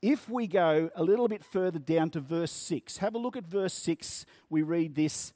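Male preacher, fairly high voice, dry close sound, measured delivery that leans on key words. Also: dark tone, dry recording. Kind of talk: sermon.

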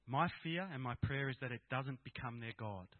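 Plain-spoken and candid, a middle-aged man from Australia talks personally to an audience of Christian fathers, his mid-range voice at normal speed. The recording is echo-free, tinny and dry, much like a phone.

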